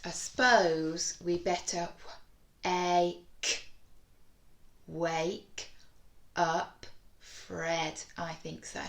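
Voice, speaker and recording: A woman teaching a phonics lesson to young children, sounding out each word slowly and clearly and encouraging them. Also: fairly low pitch. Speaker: primary school teacher. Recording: echoey room.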